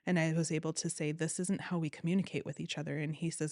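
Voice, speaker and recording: A woman telling her own story as an interview guest, earnest and animated, often quoting what others said. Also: low-pitched, a little fast, dry recording, studio quality. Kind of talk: personal story in conversation.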